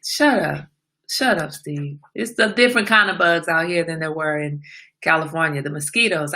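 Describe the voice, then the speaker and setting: Bright-voiced woman hosting a live chat. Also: sits low, a little hiss or hum. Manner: animated storyteller, greets viewers and answers comments mid-story. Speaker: livestream host. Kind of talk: casual livestream chat.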